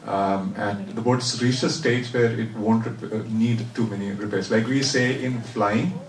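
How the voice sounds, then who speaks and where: A man from India, a solo sailor answering interview questions in a chatty, self-deprecating way, laughing often and filling pauses with "uh". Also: fairly low pitch, fairly even intonation. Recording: roomy and distant.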